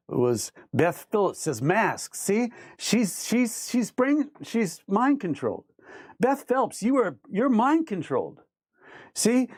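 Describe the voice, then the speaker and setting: A high-pitched livestream host reads viewer comments aloud during a live show and argues with them emphatically and repetitively, ranting through the chat. The recording is dry and of studio quality.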